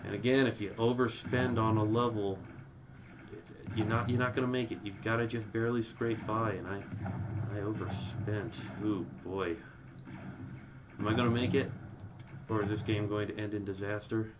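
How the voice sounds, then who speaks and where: A man giving casual gameplay commentary, talking straight to his viewers and jumping high in pitch when things go wrong. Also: normal speed, background noise. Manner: excitable, voice jumps high when panicking; talks directly to viewers. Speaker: let's play commentator.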